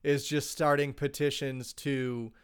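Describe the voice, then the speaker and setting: Movies and books are the topic for this podcast co-host, a man whose medium-pitched voice barely moves in pitch. He rambles casually with fillers at a measured pace, his tone clean.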